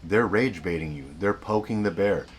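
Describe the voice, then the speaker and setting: Male host, very low voice, earnest advice monologue with self-corrections, faint noise behind. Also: moderate pace. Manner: earnest, repeats himself, restarts sentences. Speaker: self-help video host.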